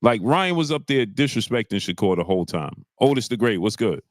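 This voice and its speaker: A man's voice: fairly low pitch, no echo. Exasperated male host, dry sound. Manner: animated, exasperated, drawn-out "bro". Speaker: livestream host. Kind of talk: casual boxing chat.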